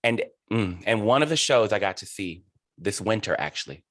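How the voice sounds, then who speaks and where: A low-pitched man hosts a heartfelt interview, talking with effusive emotion and frequent laughter. His voice is close and dry, with no room sound. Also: expressive, normal speed, a bit bright, dry recording. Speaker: host and director.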